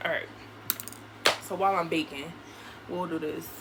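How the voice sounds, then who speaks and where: A young woman, telling a casual, profane story in an animated way while doing her makeup at home. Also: deep voice, moderate pace. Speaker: vlogger. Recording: noisy home recording.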